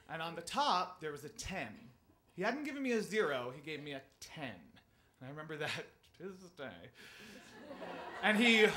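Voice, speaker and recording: A man's voice: fairly high pitch, pushed and bright. A man telling a personal story on stage in a conversational way, with filler words and laughs, acting out the people in it.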